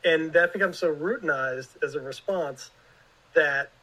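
A man's voice: fairly high pitch, measured pace, bright, forceful tone, rough recording. A man talking as a guest writer in a casual interview, rambling and leaning heavily on filler words.

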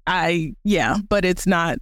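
Co-host for a casual chat show, expressive and quick to laugh, on a dry close mic. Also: mid-range voice, no echo. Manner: laughs often, loose and expressive. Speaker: podcast co-host.

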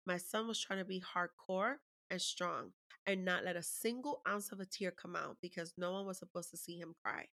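Bright-voiced woman telling a raw story. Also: fairly low pitch, normal speed. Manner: raw, emotional, swears freely. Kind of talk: candid conversational storytelling.

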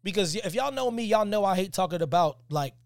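Male podcast host, emphatic slang-heavy chat, slightly high voice, dry studio sound. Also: lively intonation, a little fast, dry recording.

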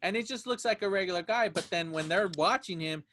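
Bright, high-voiced man joking around. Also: fairly quick, a little hiss or hum. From Mexican-American. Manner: laid-back, jokey. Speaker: podcast co-host. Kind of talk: casual movie chat.

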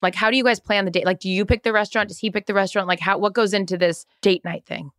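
A woman's voice: medium pitch, quick pace, no echo. Female podcast co-host, casual storyteller who acts out the quotes, mid-range voice, dry close mic. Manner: animated storyteller acting out quotes; casual, swears freely.

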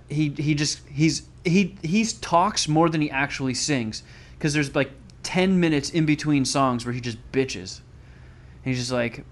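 A man with an ordinary mid-range voice runs through a story in casual chat. He swears freely and mocks everyone he describes, dry and sarcastic. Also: medium pitch. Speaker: podcast guest telling a story.

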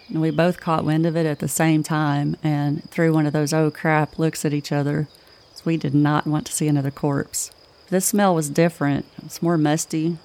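A woman co-hosting a podcast, telling a spooky story in a slow, measured way. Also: sits low. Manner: slow, measured, flat delivery. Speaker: podcast co-host. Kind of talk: spooky campfire-style storytelling.

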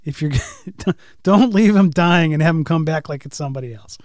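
A man's voice: a little high, moderate pace, no room sound, clean studio sound. A man co-hosting a podcast, casually speculating about song lyrics and asking questions. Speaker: podcast co-host. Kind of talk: casual analytical chat.

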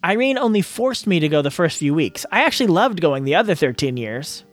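Man reading pregnant young woman, sarcastic, defensive banter, storybook reading, slightly high voice, faint music behind. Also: big pitch swings, a little fast. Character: teasing, quick-tongued pregnant young woman. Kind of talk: audiobook reading.

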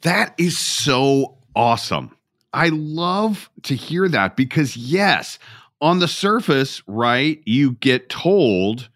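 Slow, lively-pitched male host. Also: no echo, clean studio sound. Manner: enthusiastic, affirming. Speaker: podcast host. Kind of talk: casual interview.

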